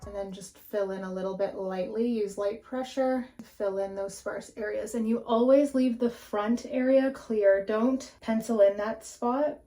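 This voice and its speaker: A woman's voice: mid-range voice, fairly even intonation, unhurried, few pauses, dark tone, faint music behind. Young woman, beauty vlogger, frank casual chatter, occasional swearing, slightly heavy breathing, camera mic at home. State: breathing heavily. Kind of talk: casual makeup tutorial chat.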